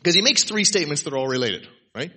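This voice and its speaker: A man's voice: a little high, animated, fast talker, bright, forceful tone. A man preaching to his congregation in a casual, emphatic sermon, tossing in "right?" asides. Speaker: pastor. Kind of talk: conversational sermon. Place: church service before a congregation.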